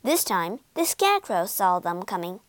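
A woman reading a storybook aloud slowly and clearly for English learners, with expressive delivery. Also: medium pitch, dry recording.

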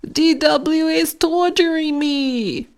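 A woman's voice: high-pitched, takes it slowly, voice pushed up. Demanding young boy, read by a woman, whiny and raised, storybook.

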